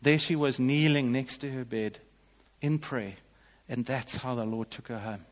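A man's voice: medium pitch, measured pace, long reverb tail. A male pastor delivering a sermon in a church, in an earnest, emphatic way.

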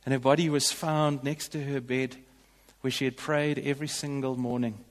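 A man's voice: medium pitch, flat delivery, moderate pace, big-room sound. A male pastor delivering a sermon in a church, in an earnest, emphatic way.

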